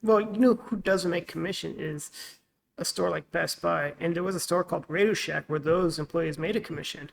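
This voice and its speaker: This is a man with a high voice and a gravelly, creaky edge, co-hosting a casual podcast. He murmurs agreement a lot and vents his frustrations freely. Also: brisk. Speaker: podcast co-host. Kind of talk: casual chat.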